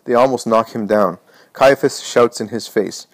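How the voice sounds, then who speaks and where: A man narrates a religious text in a measured, solemn reading. His voice sits in a middle register. The recording is dry and close. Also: mid-range voice, dry recording.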